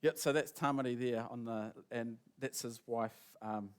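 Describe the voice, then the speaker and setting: A man's voice: medium pitch, steady tone, normal speed, clean tone. A man preaching, telling a long, rambling anecdote and acting out the voices of the people in it. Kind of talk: sermon storytelling.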